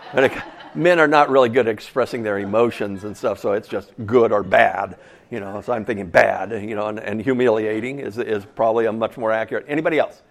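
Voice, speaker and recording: A man's voice: on the low side, brisk. A man preaching a sermon in a conversational way, asking the congregation questions and repeating key phrases for emphasis. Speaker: pastor.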